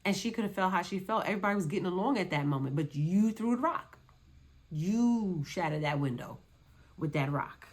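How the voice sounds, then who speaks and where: Woman doing sassy reality tv commentary, lowish voice, keeps repeating herself. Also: expressive, brisk. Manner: sassy, repetitive, dismissive. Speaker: reality show reviewer. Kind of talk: casual commentary.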